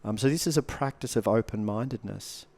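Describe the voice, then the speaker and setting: A man with a somewhat low voice talks as a podcast guest, sharing what he has learned as a coach. His delivery is loose and conversational. He swears freely and slips into lively acted reactions to make his points. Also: fairly quick, gravelly. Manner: animated, swears freely, acts out quoted reactions.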